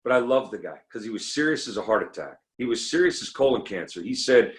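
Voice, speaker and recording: Middle-aged male speaker, comic recovery talk, animated delivery that acts out quotes. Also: lowish voice, quick pace, hardly any pauses.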